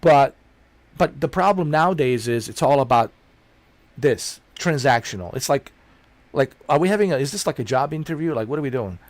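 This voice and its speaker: A streamer chatting casually, ranting in a rambling, blunt and profane way and repeating himself. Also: male voice, medium pitch, animated, moderate pace, no echo.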